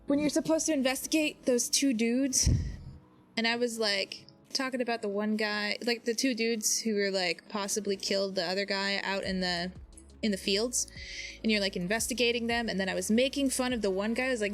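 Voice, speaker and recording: Brief: easygoing woman livestreamer riffing on a game, mid voice, soft game music underneath. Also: mid-range voice, fairly even intonation, brisk. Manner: chatty, rambling, with fillers and tangents. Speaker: streamer. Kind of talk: casual gameplay commentary.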